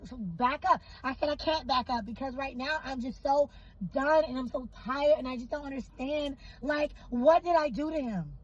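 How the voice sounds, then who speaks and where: A woman's voice: high voice, breathy edge, muffled recording. A young adult woman casually telling a personal story, acting out the voices of the people in it. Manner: animated, acts out quoted voices.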